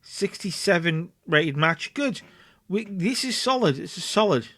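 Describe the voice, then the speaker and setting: A man's voice: high voice, expressive, measured pace, a bit bright, no room sound. A man hosting a casual let's play, chatty, narrating and acting out scenes. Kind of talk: casual game commentary.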